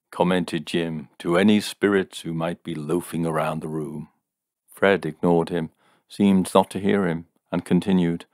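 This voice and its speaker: A man narrating a short story in a measured, deliberate manner. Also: sits low, fairly even intonation, dry recording, studio quality. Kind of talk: audiobook narration.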